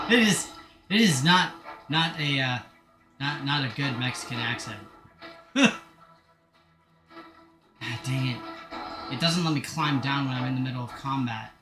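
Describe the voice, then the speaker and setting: A man's voice: medium pitch, a little slow, long pauses, roomy sound, music in the background. A man chatting casually and jokingly while playing a video game on stream. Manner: chatty, jokey, self-mocking. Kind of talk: casual gameplay commentary.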